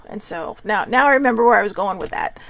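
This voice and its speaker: A woman's voice: medium pitch, expressive, fast, vocal fry, fairly bright tone, dry recording. A Californian woman hosting a casual self-care talk, chatty and rambling, with lots of fillers and asides. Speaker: host.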